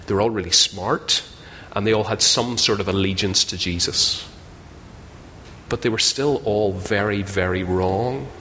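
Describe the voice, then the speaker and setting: Bright-voiced male preacher in a reverberant hall. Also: fairly low pitch, slight background noise. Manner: conversational, self-deprecating, asks the audience questions. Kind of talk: sermon. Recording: long hall reverb, faint ambience.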